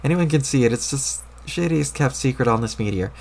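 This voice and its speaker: Picture a shouty, indignant young troll, all crude rants and wounded pride, with a middling pitch pushed up when he yells, as a man reads him aloud. He sounds like a webcomic being read on stream, barking every line. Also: animated, a little fast, creaky. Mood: ranting. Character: loud, ranting, short-tempered young male troll.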